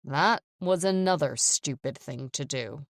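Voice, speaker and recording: A woman's voice: deep voice, unhurried, no echo, clean studio sound. A woman voicing a stern controlling man. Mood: threatening. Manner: stern, commanding. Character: cold controlling man, captor. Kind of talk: audiobook character reading.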